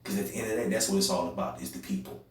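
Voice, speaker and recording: Talking very fast and expressively, the young AAVE-accented podcast host pours out a fervent, preacher-like monologue full of repeated phrases. His volume swings between loud outbursts and low, quiet stretches, and the distant mic catches heavy room echo.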